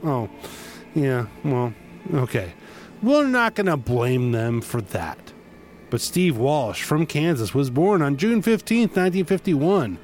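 A man hosting a radio show in casual disc jockey patter, chatty with wry asides and quick self-corrections. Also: on the high side. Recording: music playing under the voice. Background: music.

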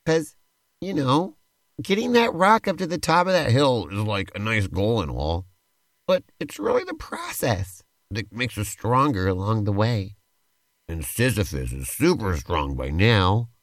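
A man's voice: fairly low pitch, wildly swooping pitch, a little slow, no echo, clean studio sound. A man hosting a podcast and narrating a playful tabletop-style role-play adventure as game master, in an easygoing, rambling way.

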